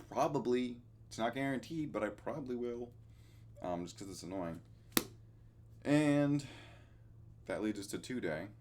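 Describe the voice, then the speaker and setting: Young male vlogger with a deep, low voice, casual and meandering, easygoing, pokes fun at himself. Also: darkish tone. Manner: rambling, loses his train of thought; easygoing and self-deprecating. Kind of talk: casual weekly recap vlog.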